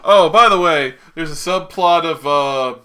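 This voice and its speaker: A man's voice: fairly high pitch, measured pace, sharp tone. A man hosting a podcast, recapping a movie in casual, rambling chat with many fillers and laughs. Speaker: podcast host.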